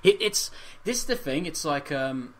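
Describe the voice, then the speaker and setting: A man co-hosting a casual podcast chat, animated and swearing freely, often laughing. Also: a little high, normal speed. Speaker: podcast co-host.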